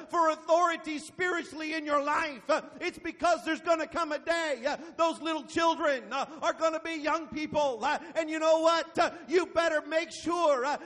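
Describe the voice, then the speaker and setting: A man who is a pastor preaching a sermon, with many "uh" fillers and bursts of shouting that drop back quiet, recorded in a church with a long reverb. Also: very high-pitched.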